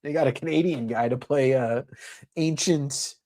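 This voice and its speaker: A man's voice: mid-range voice, normal speed, mellow. Man, livestream host, casual sales chat, rambling, lots of fillers. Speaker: host of a comic sale livestream.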